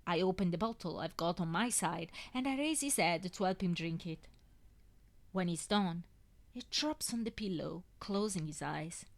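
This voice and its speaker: A woman reading a fanfiction story aloud in the first person, with a measured, emotional delivery. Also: on the low side, animated, gravelly. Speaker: fanfiction reader.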